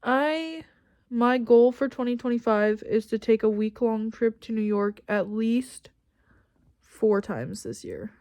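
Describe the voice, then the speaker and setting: A woman's voice: a little high, slow, darkish tone, no echo. A woman chatting casually to the camera in a self-conscious, teasing way. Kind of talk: casual vlog chat.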